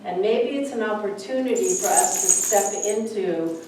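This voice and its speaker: A woman's voice: medium pitch, moderate pace, warm tone. Woman minister, conversational sermon, anecdotes, very echoey room, distant mic, faint hiss. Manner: chatty, anecdotal, acts out voices in stories. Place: church sanctuary.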